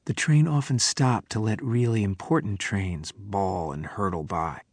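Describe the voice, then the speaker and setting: A man reading a novel aloud in a measured way, sometimes dropping to a whisper. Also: on the low side, slightly rough, dry recording. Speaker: audiobook narrator. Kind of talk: scripted narration of a novel.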